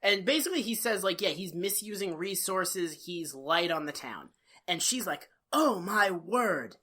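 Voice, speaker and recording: A man co-hosting a casual comedy podcast, ranting with exasperation, swearing freely and jumping sharply up in pitch. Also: expressive, moderate pace, sharp tone. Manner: exasperated, swearing rants with sudden jumps in pitch. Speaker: podcast co-host.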